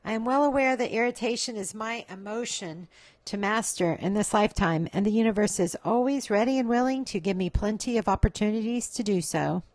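A woman's voice: medium pitch, fairly quick, darkish tone, dry recording, low-quality recording. A woman hosting a podcast, telling a reflective, confessional personal story. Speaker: podcast host.

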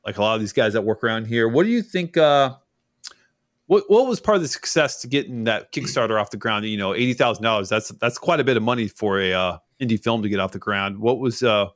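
A man's voice: lowish voice, expressive, fast. A man hosting an interview, asking questions in a laid-back, chatty way with lots of fillers. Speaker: podcast host. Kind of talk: casual interview chat.

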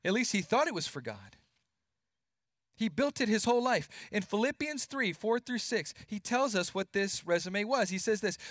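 Male preacher, high voice, earnest, repeats words, sinks low for stress; dry close sound. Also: sing-song, moderate pace, a bit bright, dry recording. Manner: earnest, repeats words while building points, drops voice for emphasis. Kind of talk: sermon.

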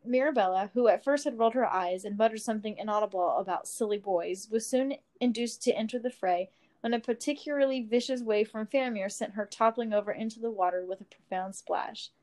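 A woman reading a fantasy story aloud in a steady, expressive storytelling manner. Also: fairly high pitch, a little fast. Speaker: story reader. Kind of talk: reading fan fiction aloud.

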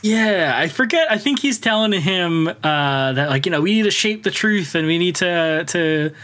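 A man casually discussing a film on a podcast, halting, with many fillers. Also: high voice, slight background noise. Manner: filler-heavy, halting, with animated quoted voices. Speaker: podcast co-host.

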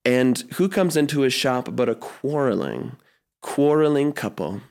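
A man's voice: medium pitch, lively intonation, measured pace, vocal fry, darkish tone. A man performing improvised comedy, telling the story playfully and throwing in put-on French exclamations.

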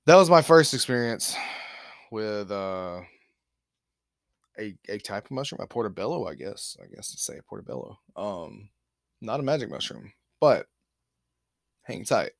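A man's voice: on the low side, big pitch swings, measured pace, long pauses, dry recording, clean studio sound. Profane laid-back man telling a story. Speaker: podcast host. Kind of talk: casual storytelling. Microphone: podcast microphone.

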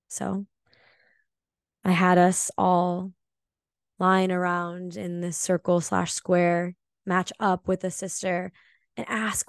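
A woman's voice: fairly low pitch, little pitch movement, slow pace, gravelly, a little mellow, no echo, clean studio sound. A woman hosting a podcast, recounting her experience in a heartfelt, emphatic way and sometimes swearing for emphasis. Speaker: podcast host. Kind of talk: reflective podcast monologue.

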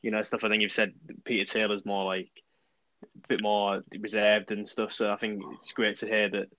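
A man hosting a casual podcast interview, talking quickly and filling his speech with "like" and "and stuff". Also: fairly low pitch, level tone, pushed and bright, slight background noise. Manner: hurried, hedging with "like" and "and stuff". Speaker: podcast host. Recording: dull lo-fi mic.

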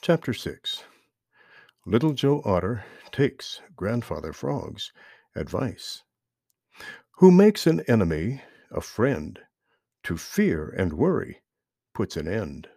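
A man reading a children's storybook aloud in an expressive, animated way. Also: fairly low pitch, takes it slowly, creaky, long pauses, breathy edge, no room sound, clean studio sound.

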